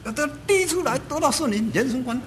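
A man preaching a sermon in lively, emphatic phrases, pausing for an interpreter. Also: very high voice.

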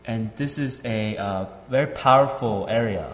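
A man's voice: fairly low pitch, moderate pace, a bit bright. A man interpreting a sermon phrase by phrase, with fillers and restarts as he translates on the spot. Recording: echoey hall with faint ambience.

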